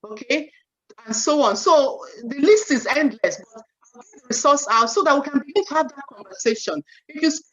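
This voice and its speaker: Animated high-voiced woman, lo-fi. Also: fairly quick. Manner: animated, acts out parent and child quotes, frequent "you know". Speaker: seminar speaker. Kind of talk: parenting talk. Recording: dull lo-fi sound.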